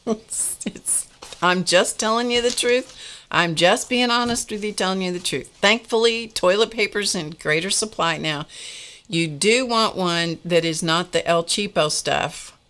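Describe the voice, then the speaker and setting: A woman's voice: fairly low pitch, measured pace, fairly bright tone. An older woman hosting a casual art lesson, chatty and confessional, laughing often as she talks to her viewers. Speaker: art class host.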